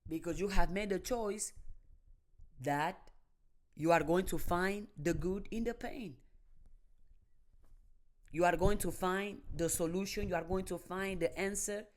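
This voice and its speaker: A woman's voice: on the low side, unhurried, pauses often. Emphatic woman giving a motivational talk. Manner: emphatic and repetitive, building phrases in a chain. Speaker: motivational speaker. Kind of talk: motivational monologue.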